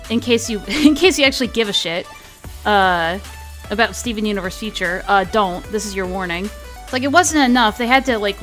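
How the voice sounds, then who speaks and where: A woman's voice: on the high side, a bit bright. A young woman doing a heated, sarcastic, profane ranting commentary on a cartoon.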